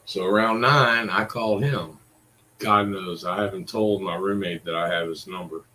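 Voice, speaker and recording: A man's voice: low voice, steady tone, normal speed, bright, forceful tone, slight background noise, low-quality recording. A man in his forties ranting in a rambling, exasperated way, full of curses. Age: 40s. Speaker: vlogger. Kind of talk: casual ranting monologue.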